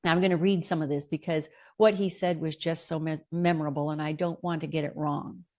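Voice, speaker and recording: A woman's voice: low voice, a little fast. Earnest woman telling a personal story. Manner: earnest, expressive, with bright lifts into quoted lines. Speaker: storyteller sharing a personal memoir. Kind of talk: personal storytelling, partly read aloud.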